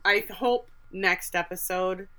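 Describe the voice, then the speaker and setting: A woman's voice: medium pitch, slow pace, pushed and bright. A woman co-hosting a podcast, casually retelling a TV episode with lots of quoted asides and filler words. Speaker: podcast co-host. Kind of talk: casual recap chat.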